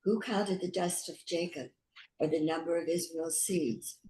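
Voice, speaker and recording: A class participant reading scripture aloud softly and slowly. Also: medium pitch, fairly even intonation, slight background noise, rough recording.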